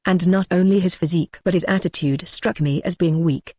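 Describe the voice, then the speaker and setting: A man's voice: sits high, steady tone, a little fast, no room sound. A man voicing an earnest clubman telling a ghost tale. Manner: earnest, confiding storytelling. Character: earnest gentleman telling of his ghost encounter.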